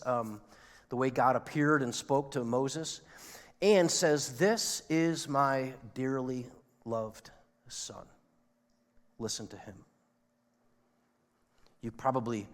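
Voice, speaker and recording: A male pastor delivers a sermon in a conversational style and poses questions to his congregation. His voice sits at an ordinary middle pitch. A long reverb trails each phrase, as in a large church hall. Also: a bit bright. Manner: conversational preaching with rhetorical questions. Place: church sanctuary.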